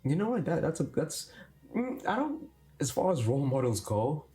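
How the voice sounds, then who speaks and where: A man co-hosting a podcast in casual chat, dry and teasing, with a steady delivery. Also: fairly high pitch, normal speed, faint music behind. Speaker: podcast co-host.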